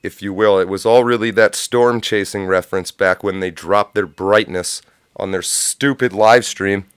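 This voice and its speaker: A man's voice: on the low side, fairly even intonation, normal speed, clean tone, dry recording, studio quality. Profane ranting livestream host, man. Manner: profane, sarcastic, rambling. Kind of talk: unscripted livestream rant.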